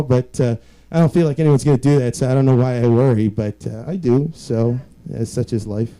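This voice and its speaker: A man's voice: mid-range voice, fairly quick, dark tone, poor audio. A young man doing a rambling, self-deprecating stand-up set. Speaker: stand-up comedian.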